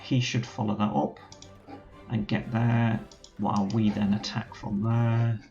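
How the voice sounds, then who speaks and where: A man's voice: lowish voice, flat delivery, measured pace, vocal fry, warm tone, highs cut off, faint music behind. A man commentating a strategy game let's play, thinking aloud as he gives orders to his units. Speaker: gaming channel host.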